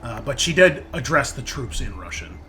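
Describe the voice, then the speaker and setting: A man's voice: medium pitch, sing-song, normal speed, pushed and bright. A man running a tabletop game as game master, describing the scene to players in a loose, rambling way. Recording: tense background music.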